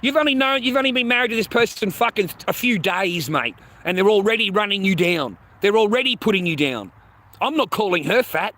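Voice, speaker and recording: A man's voice: high voice, lively intonation, fairly quick, sharp tone. A middle-aged man ranting on a livestream, blunt and crude, swearing constantly. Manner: crude, profanity-heavy, blunt.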